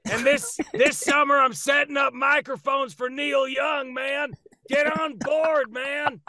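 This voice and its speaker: A loose, drawling roadie clown with a gravelly, high-set voice, as a man puts him on, calling out his words at a shout. He sounds bright and cheerfully unbothered, stretching out every phrase. The voice is dry and close. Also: little pitch movement, slow, no room sound, exaggerated voice. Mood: mellow boasting. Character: laid-back gravelly male roadie clown.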